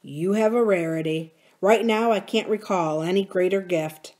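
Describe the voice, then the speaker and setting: Brief: woman reading a musing, gentle older farmer in an audiobook-style reading. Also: high voice, normal speed, close to an everyday voice.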